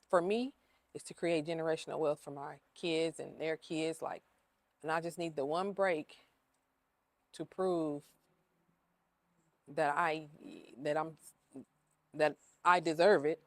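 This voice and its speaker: A woman from Ohio who owns a cleaning business speaks openly in a casual interview, her voice low-pitched in a dry recording. She gets emotional, repeats herself, and uses lots of fillers.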